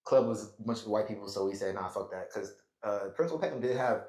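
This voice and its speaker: An American podcast host tells a long, rambling story in slangy, casual fashion, laughing often along the way. His voice is lowish and warm, and he talks fast. The room has an echo to it.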